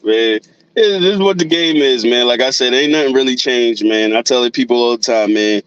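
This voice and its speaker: A man's voice: mid-range voice, a little fast, clear, resonant tone, dry recording, muffled recording. A man talking in a casual, earnest way as a guest, cursing freely and repeating himself as he makes his point.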